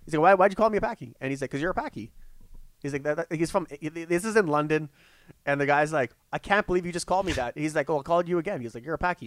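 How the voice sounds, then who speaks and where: A man co-hosting a casual podcast, retelling clips he saw with halting restarts and acted-out quotes. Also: fairly high pitch. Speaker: podcast co-host. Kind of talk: casual chat.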